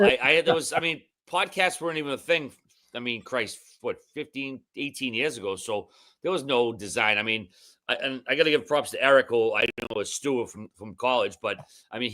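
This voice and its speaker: Fast-talking Boston man, bright voice. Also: mid-range voice. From Massachusetts. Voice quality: gravelly. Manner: joking, self-deprecating, ball-busting banter. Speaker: guest. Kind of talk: casual podcast chat.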